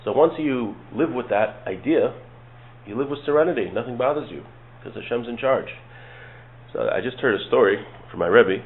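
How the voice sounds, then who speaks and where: A man teaching a Torah study class, speaking calmly and explaining step by step, reading Hebrew verses and translating them. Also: medium pitch, normal speed. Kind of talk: relaxed study-class lecture. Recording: tinny phone-like lo-fi audio.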